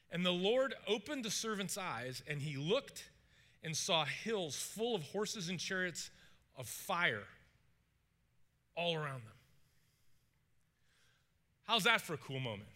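Animated high-voiced man preaching. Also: measured pace, long pauses. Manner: animated storytelling, acts out characters' panic, asks the congregation questions. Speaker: pastor. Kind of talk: sermon.

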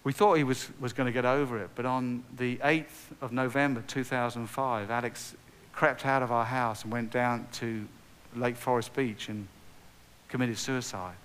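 A man's voice: mid-range voice, steady tone, moderate pace, a bit bright, slight background noise. Earnest male preacher in a reverberant hall. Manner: earnest testimony, repeats words, rises to emphatic peaks. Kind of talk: sermon.

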